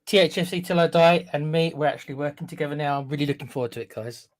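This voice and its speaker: A man's voice: fairly high pitch, steady tone, fast. A man joining a sports livestream as a new presenter, cheerful and eager. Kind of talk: casual chat.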